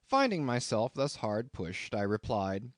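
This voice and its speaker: A man's voice: measured pace, no echo, studio quality. A man narrating a classic novel as an audiobook, reading expressively. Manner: expressive reading with wide pitch swings.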